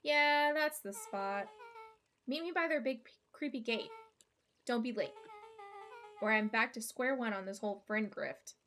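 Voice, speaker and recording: A woman voicing a pushy, scheming twelve-year-old girl in a video game, with a brisk, bossy, conspiratorial delivery. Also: on the high side, a bit bright, slight background noise. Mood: chummy.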